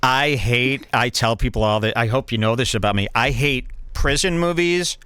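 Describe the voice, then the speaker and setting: A man's voice: medium pitch, normal speed, a bit bright, clear, resonant tone, dry recording. A man hosting a podcast, rambling through opinionated, emphatic casual chat. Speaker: podcast host. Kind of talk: casual chat, movie review.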